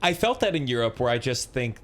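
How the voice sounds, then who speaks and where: A man's voice: medium pitch, very animated, fairly quick. A man hosting a comedy podcast, easygoing, chiming in often with short affirmations. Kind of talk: casual podcast chat.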